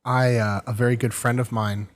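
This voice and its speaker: Male podcast host, casual chatty storyteller, mid-pitched voice, acts out quoted lines. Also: little pitch movement, normal speed. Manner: drinks and chats over whiskey. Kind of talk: casual chat.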